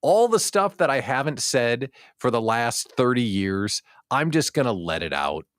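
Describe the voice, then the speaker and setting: A man's voice: medium pitch, big pitch swings, measured pace, a bit bright, dry recording. A man voicing a snarky, blunt old grandmother who speaks defiantly and without a filter. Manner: defiant, careless.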